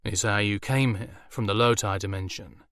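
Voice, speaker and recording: A man's voice: fairly low pitch, fairly even intonation, moderate pace, a bit bright, smooth, no echo, studio quality. A man voicing a smug, charming incubus demon who teases his grown daughter. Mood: teasing. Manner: teasing, indulgent, sly.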